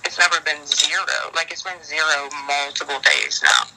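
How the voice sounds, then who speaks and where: A woman's voice: deep voice, sing-song, normal speed, a crowd in the background. A woman on a phone call, talking frankly and rambling with worry, swearing often. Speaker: caller in a leaked phone call. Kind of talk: casual phone chat.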